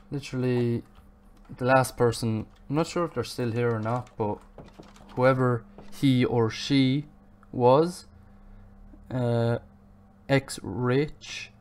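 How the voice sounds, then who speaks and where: A man's voice: mid-range voice, darkish tone. A man streaming a video game live, chatty and self-mocking, and swearing at the game now and then. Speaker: gaming streamer. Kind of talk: live gameplay commentary.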